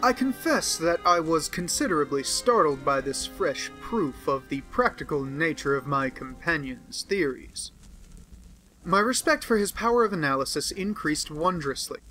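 A man narrating a classic novel as an audiobook, reading in a measured, expressive way. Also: on the high side, soft background music, poor audio. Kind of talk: scripted narration.

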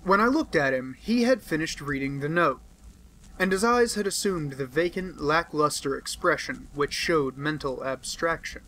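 A man narrating an audiobook in a measured, expressive way. His voice is bright and forceful and sits a little high. He reads the first-person narration steadily. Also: low-quality recording. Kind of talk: scripted narration.

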